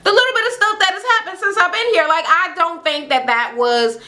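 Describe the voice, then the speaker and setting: A woman recapping a reality show in a casual, animated rant, swearing heavily and acting out what people said. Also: very high-pitched, a little fast. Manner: animated, heavy swearing, acts out quotes. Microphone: camera mic with ring light setup.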